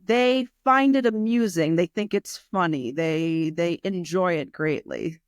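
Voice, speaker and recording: A woman's voice: lowish voice, unhurried, smooth, dry recording, clean studio sound. Playful woman with a New York accent. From New York City. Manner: playful, joking. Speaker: guest, English teacher. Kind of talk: casual chat. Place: home in Rome. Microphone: video call.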